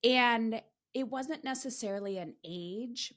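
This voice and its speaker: A woman's voice: fairly high pitch, measured pace, few pauses. A middle-aged woman hosting a podcast, telling a personal story candidly, with emphatic delivery and frequent swearing. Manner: emphatic, swears freely, animated retellings. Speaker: podcast host.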